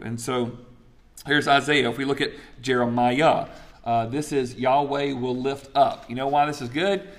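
A man teaching a Bible study class in a lively, chatty way, asking the group questions. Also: medium pitch, a little slow.

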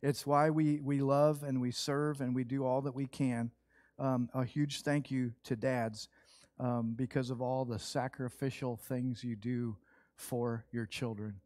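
A middle-aged man preaching a sermon, telling a lively personal story and acting out what people said. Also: medium pitch, a little slow, no room sound, studio quality. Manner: animated storytelling, acts out quoted voices. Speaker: pastor.

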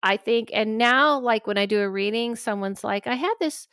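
Animated middle-aged woman hosting a podcast. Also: mid-range voice, moderate pace, clean tone, dry recording. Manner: animated storyteller who acts out quoted voices. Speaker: podcast host and medium. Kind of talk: casual podcast chat.

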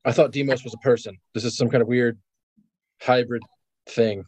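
A man's voice: mid-range voice, fairly even intonation, moderate pace, a little mellow, slightly rough, no room sound. A man playing a tabletop game, hesitant and full of fillers, slipping into goofy in-character lines. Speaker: player. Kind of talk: in-character tabletop role-play.

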